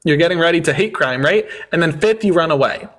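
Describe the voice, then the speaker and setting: A man hosting a heated live debate, mocking and interrupting with rapid-fire rhetorical points. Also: on the high side, animated, fairly bright tone. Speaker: livestream debate host.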